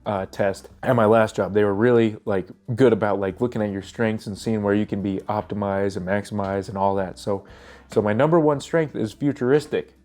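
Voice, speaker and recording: A man's voice: on the low side, steady tone, fairly quick, a little mellow, faint music behind. A young man with a cold talking casually and earnestly to his viewers, his voice stuffy and congested, rambling with plenty of fillers and restarts. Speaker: vlogger. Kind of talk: casual talk to camera.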